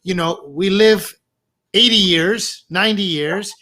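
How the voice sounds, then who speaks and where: A woman's voice: medium pitch, takes it slowly, fairly bright tone. A woman hosting a casual interview, affirming and enthusiastic toward her guest. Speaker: host, clarity coach.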